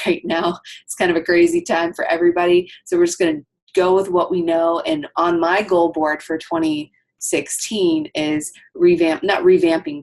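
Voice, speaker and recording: A woman's voice: lowish voice, creaky. A woman coaching her team on a casual call, chatty with lots of ums and asides.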